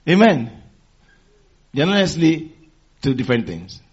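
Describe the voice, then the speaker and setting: A man preaching a sermon in a call-and-response manner, repeating phrases for emphasis and swinging between loud exhortation and quiet teaching. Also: sits high, big pitch swings, moderate pace, lo-fi sound.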